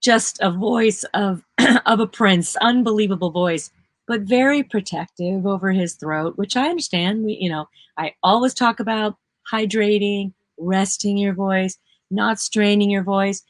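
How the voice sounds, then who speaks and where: A woman session singer chatting in an interview, telling lively stories and laughing often. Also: medium pitch, unhurried, no room sound. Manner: animated storyteller who acts out quotes, laughs often. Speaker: session singer and vocal workshop teacher. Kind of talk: casual interview chat.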